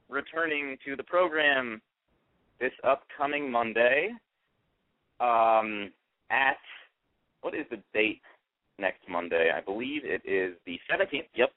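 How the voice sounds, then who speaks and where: A man's voice: medium pitch, a little slow, dry recording. A man hosts a radio talk show in a loose, playful way, joking with his guest and running through announcements. His voice is thin and phone-like. It is dry, with no room sound. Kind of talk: casual radio hosting. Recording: tinny phone-like line, dry.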